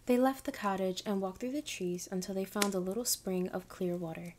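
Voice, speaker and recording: A woman reading a storybook aloud in a soft, unhurried whisper as whispered role-play ASMR. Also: medium pitch, steady tone, slight background noise.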